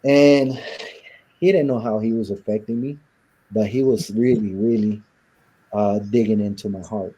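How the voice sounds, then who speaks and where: A man from Southern California speaks as an interview guest in a very dark, mellow voice with a husky edge. He tells his story bluntly and with rough language, and he acts out the lines of the people in it. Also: lowish voice, steady tone, normal speed, long pauses, low-quality recording.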